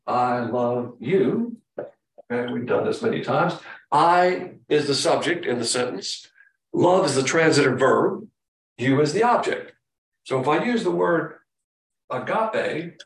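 A man's voice: mid-range voice, fairly bright tone, far from the mic. Emphatic preacher man in an echoey hall. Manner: emphatic, teacherly, shifts pace often. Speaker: pastor. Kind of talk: sermon.

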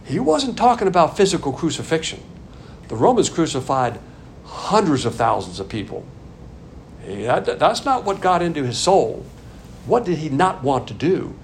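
An older man from the American South teaching a Bible sermon, swinging between loud emphasis and quiet asides. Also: on the high side, sing-song, moderate pace, slight background noise. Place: Texas.

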